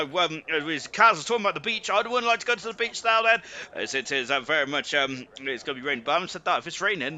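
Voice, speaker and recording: A man's voice: fairly high pitch, bright, forceful tone. A British man commentating a sim racing league live, rambling with lots of fillers and joking about himself. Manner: rambling, filler-heavy, self-deprecating banter. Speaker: esports race commentator.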